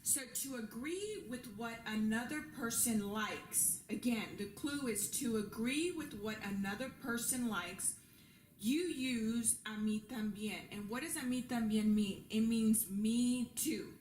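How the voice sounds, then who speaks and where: This Spanish teacher's voice is slightly high and a little mellow, and she takes her time. Using slides in class, she patiently restates rules and examples and checks in with students, with a faint hiss or hum present.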